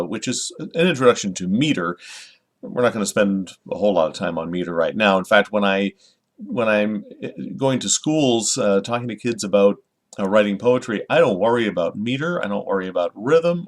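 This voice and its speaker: A middle-aged man, a children's poet, giving an informal, friendly lesson to camera, with many fillers and restarts. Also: fairly low pitch. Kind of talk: informal teaching talk to camera.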